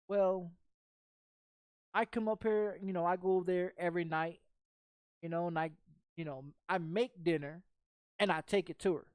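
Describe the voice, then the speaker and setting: A man's voice: high-pitched, fairly even intonation, normal speed, long pauses, smooth, no room sound, clean studio sound. A man telling a personal story in casual chat while streaming a game, profane and rambling with frequent repeats.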